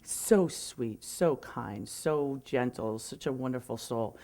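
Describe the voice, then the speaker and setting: A woman with a slow, mellow, bass voice tells a casual story as a real estate speaker. She's chatty and rambling, correcting herself and filling the gaps with lots of little words.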